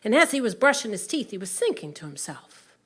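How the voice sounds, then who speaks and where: A woman telling a story to families, animated, swinging between whispers and loud calls. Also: medium pitch, a little fast, slightly rough.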